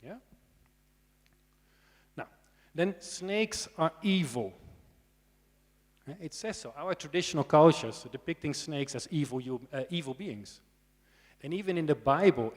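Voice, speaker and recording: A man giving a conversational lecture on snakes to students, often checking in with the audience through tag questions and dry asides. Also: on the high side. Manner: dry humor. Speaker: snake expert giving a conference talk. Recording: long hall reverb.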